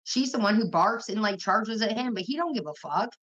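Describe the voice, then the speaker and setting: A woman's voice: medium pitch, lively intonation, fairly quick, a bit bright. A young woman hosting a livestream, telling rambling stories full of profanity in casual chat. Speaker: livestream host. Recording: muffled lo-fi stream audio.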